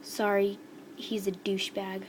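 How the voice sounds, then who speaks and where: A woman voicing a young male killer in a white hoodie who is gruff but kind to her, spoken plainly over a noisy home recording. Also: medium pitch, monotone, measured pace, close to an everyday voice. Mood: apologetic.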